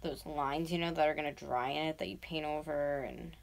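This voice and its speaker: A woman in her twenties from North America, chatting casually on a late-night livestream at home. She rambles with lots of fillers and sometimes yells loudly to wake someone. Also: sits low, steady tone, brisk, creaky, slight background noise. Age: 20s. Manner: rambling, filler-heavy, breaks into loud yelling to wake someone. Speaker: vlogger livestreaming. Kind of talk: casual livestream chat while doing art.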